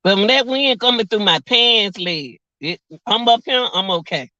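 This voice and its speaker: Woman vlog host around forty, laughs a lot, lively swooping pitch, bright tone, muffled lo-fi phone sound. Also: moderate pace, no echo. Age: about 40. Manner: laughs often, chatty and joking. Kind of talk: casual livestream chat. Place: outdoors by a car on a cold windy day.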